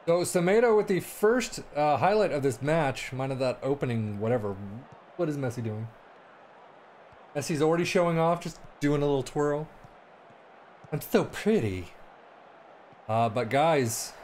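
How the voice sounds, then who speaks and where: Over slight background noise, a man with a mid-range, somewhat mellow voice casually talks through his own soccer management game. He's a sarcastic, rambling gaming commentator who occasionally adopts a mock announcer voice.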